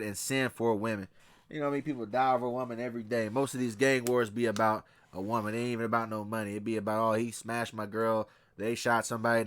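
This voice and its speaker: A man's voice: medium pitch, bright, forceful tone, dry recording. A man giving a blunt, profane film commentary in a casual way, mixing in readings from scripture. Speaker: movie reviewer.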